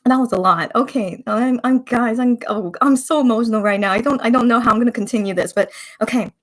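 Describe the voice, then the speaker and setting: A woman's voice: on the high side, fast. A young woman hosting a casual livestream, chatting emotionally and reading viewer comments aloud. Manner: gushing, emotional, chatty, reads out chat comments. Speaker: livestream host reacting with fans. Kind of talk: casual watch-party livestream.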